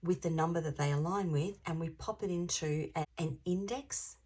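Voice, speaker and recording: A woman's voice: fairly low pitch, moderate pace, darkish tone, husky. A woman reading tarot to camera in a chatty, rambling way, dropping into whispers to stress a point. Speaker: intuitive tarot reader.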